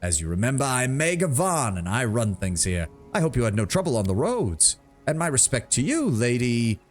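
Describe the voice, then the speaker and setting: Guy doing a jovial burly frontier lord, folksy and sly, bouncy pitch, soft music. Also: sing-song, moderate pace.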